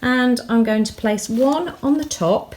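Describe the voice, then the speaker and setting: A woman narrating a craft project in her home kitchen, chatty and full of ums, gushing with excitement as she works. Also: fairly high pitch, unhurried, poor audio. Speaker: crafts vlogger. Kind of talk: casual how-to narration.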